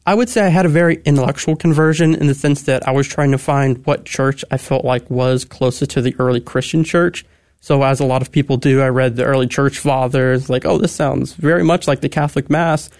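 A man's voice: mid-range voice, steady tone, brisk, a little mellow, no room sound, clean studio sound. A young man, a guest on a radio interview, talking eagerly and articulately. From Texas. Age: 20s.

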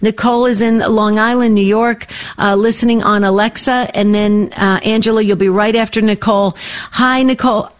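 Woman, call-in radio host, affirming, murmurs agreement, mid-pitched. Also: fairly even intonation, moderate pace, few pauses. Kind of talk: warm call-in radio chat.

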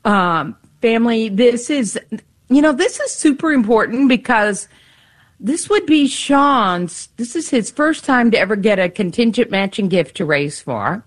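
A woman's voice: fairly high pitch, expressive, unhurried. A woman co-hosting a radio pledge drive, chatty and encouraging, repeating the call-in number. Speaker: radio fundraiser co-host. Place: radio studio.

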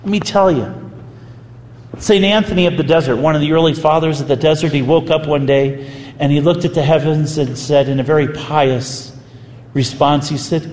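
A man, a priest, telling a story in a sermon with animated, vivid delivery. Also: on the high side, moderate pace. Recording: echoey hall, faint ambience.

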